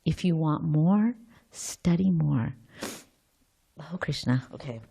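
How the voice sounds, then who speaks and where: A woman's voice: deep voice, animated, takes it slowly, vocal fry, mellow, slightly rough. A woman giving an informal scripture class, thinking aloud, quizzing her listeners and often restarting her sentences.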